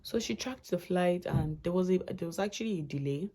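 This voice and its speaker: Low husky woman telling a travel story. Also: expressive, brisk, dark tone. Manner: chatty, rambling with restarts and asides, emotional. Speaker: vlogger. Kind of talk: casual storytelling vlog.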